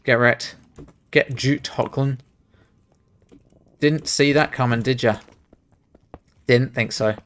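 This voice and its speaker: A man's voice: medium pitch, fairly even intonation, slow pace, long pauses, fairly bright tone. A young man streaming, talking to himself as he plays a speedrun, muttering and exclaiming at the game. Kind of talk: live commentary while speedrunning a game.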